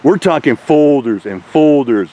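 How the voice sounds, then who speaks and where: A middle-aged YouTuber rants to camera at his online trolls, taunting, swearing, and laughing mockingly. His medium-pitched voice is animated, unhurried, and dark in tone, and the recording sounds muffled.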